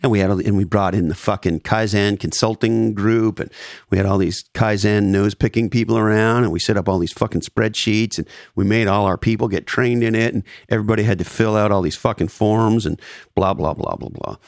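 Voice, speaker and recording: A middle-aged man, a former marketing executive, telling stories in a casual podcast chat, profane and animated, mimicking the people in his stories. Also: fairly low pitch, fairly quick, creaky, no echo, clean studio sound. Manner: profane, animated storyteller who mimics others.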